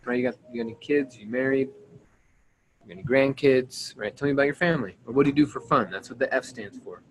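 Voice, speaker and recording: In a fast, medium-pitched voice, a man leads a team training call, coaching his listeners, checking in with them, and repeating his points. He acts out sample conversations. The audio is poor, with slight background noise.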